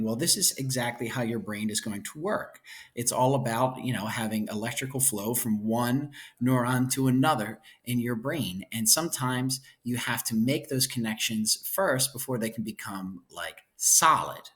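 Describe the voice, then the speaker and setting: A male teacher talks his class through a textbook chapter in a relaxed, conversational way. He drops playful asides and checks in with his listeners after almost every point. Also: mid-range voice, measured pace. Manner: chatty, checks in constantly with "right?" and "okay?"; playful asides, enthusiastic about cute pictures. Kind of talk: casual lecture walking through a book chapter.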